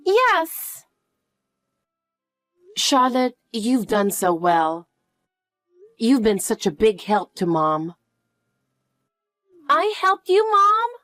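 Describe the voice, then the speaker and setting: Woman storyteller, reassuring mother voice; lively pitch, slow delivery. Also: no echo. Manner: soft, soothing and reassuring. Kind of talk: scripted story narration.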